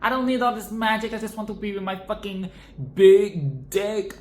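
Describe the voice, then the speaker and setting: A woman's voice: medium pitch, moderate pace, a little mellow, echoey room, slight background noise, voice pushed up, close to an everyday voice. A woman voicing a lovestruck princess who gushes, breathless and crude, over her ogre husband. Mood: swooning.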